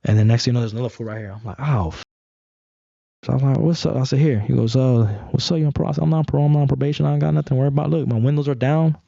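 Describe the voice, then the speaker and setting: A young man telling a story in casual talk, animated and acting out the voices of others. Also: medium pitch, very fast, creaky, no room sound, dull audio. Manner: animated, acts out voices in stories, swears a lot. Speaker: guest.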